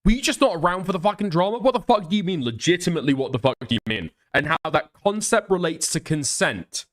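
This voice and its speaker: A man's voice: high-pitched, animated, fast talker, a bit bright. A male livestream host giving crude, incredulous reaction commentary and swearing heavily.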